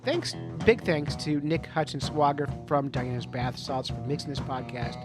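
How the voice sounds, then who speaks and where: A man's voice: mid-range voice, fairly even intonation, moderate pace, music in the background. A man hosting a fishing podcast, chatty and enthusiastic as he signs off. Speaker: podcast host. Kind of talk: casual podcast sign-off.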